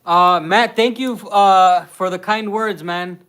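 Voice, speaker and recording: A man from Mexico hosts a casual livestream and talks in a relaxed, storytelling way. He rambles through anecdotes with his partner and now and then drops into Spanish. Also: high voice, takes it slowly, clean tone. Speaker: livestream host.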